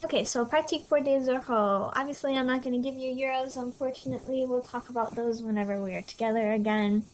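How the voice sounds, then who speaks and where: A woman's voice: high voice, quick pace, few pauses, a little mellow, highs cut off. A woman teaching French to her class in a casual, chatty recorded lesson, with small apologetic asides, on scratchy audio from a tablet mic at home. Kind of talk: recorded lesson over slides.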